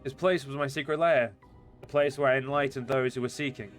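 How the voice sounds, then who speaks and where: A man's voice: medium pitch, fairly even intonation, faint music behind, close to an everyday voice. Zenadria, a taunting demon cultist, read out by a man. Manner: reads quickly, stumbling and restarting words. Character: scheming female demon cultist, taunting and cruel. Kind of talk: reading game dialogue aloud.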